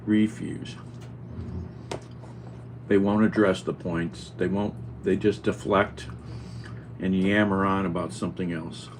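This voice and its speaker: A man vlogging at home, talking in an animated, exclaiming way to his cat and the camera. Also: deep voice, slow, pauses often, a little hiss or hum. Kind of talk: casual chat.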